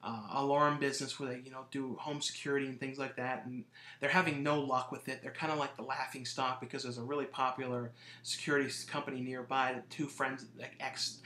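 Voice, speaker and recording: Casual male vlogger, bright tone, rambly filler-heavy delivery, roomy echo. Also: medium pitch, a little hiss or hum. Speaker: movie collection vlogger. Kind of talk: casual review monologue.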